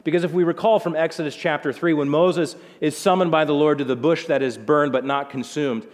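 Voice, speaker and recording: Pastor, male, slightly high voice, chatty sermon delivery, long hall echo. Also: fairly even intonation, fairly quick. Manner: conversational, acts out quotes with shifting voices. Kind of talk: sermon, Bible teaching.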